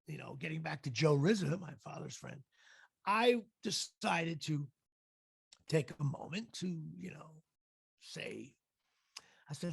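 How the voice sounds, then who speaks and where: An animated man telling showbiz stories as an interview guest. His voice sits high for a man, gravelly and husky, and it is recorded close and dry. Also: unhurried, pauses often, no room sound. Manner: animated storyteller acting out quotes. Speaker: actor and comedian guest. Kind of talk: storytelling in a casual interview.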